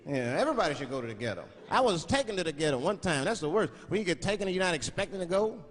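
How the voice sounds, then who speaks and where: A man from Washington, D.C., doing animated, profane stand-up comedy on a large theater stage and switching between voices. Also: sits high, rapid-fire. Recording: echoey hall, loud crowd laughter.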